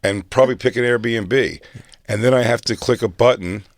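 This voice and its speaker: A man's voice: medium pitch, moderate pace, no echo, clean studio sound. A man hosting a podcast, telling rambling, self-mocking stories in casual comedic chat.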